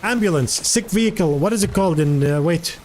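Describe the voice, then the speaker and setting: A man's voice: a little high, animated, a little fast, a little mellow, slight background noise. Chatty, rambling male streamer. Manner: rambling, chatty, many fillers, answers chat. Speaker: live streamer. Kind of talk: casual stream chat.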